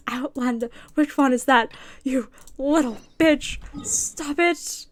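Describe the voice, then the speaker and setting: A woman's voice: high voice, slow, slight background noise. A British woman streaming a game, talking casually, exasperated and swearing, sometimes muttering under her breath. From Britain. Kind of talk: casual gameplay commentary.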